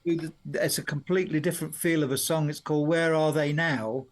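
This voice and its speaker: A man's voice: on the high side, fairly even intonation, brisk. A man, a songwriter chatting in a radio interview and telling rambling stories with frequent laughs. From Sheffield, Yorkshire, England. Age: 70s. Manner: chatty, rambling storyteller who laughs often. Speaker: songwriter guest.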